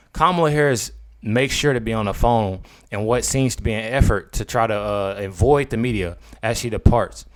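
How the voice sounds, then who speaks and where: A man of middle pitch comments casually on his vlog. He rambles, circles back and repeats himself, and keeps turning to address his viewers. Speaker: political commentary vlogger.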